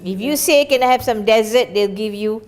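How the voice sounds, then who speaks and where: A woman teaching an English class, lively and questioning, explaining words and their pronunciation. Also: a little high, brisk.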